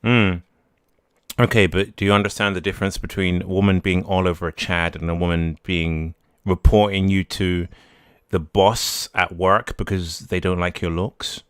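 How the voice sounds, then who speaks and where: A man hosting a live-streamed podcast, reading out viewer messages and talking through them off the cuff. His voice sits low and sounds smooth and clean. It is recorded close and dry, and he often trails off, restarts and corrects himself. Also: level tone, moderate pace, no room sound. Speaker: livestream podcast host.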